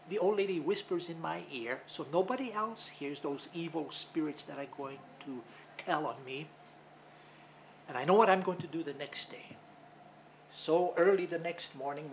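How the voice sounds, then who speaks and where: A man telling a legend in the first person as its hero, in a dramatic, animated manner. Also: a little high, gravelly, a little hiss or hum, poor audio. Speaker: storyteller.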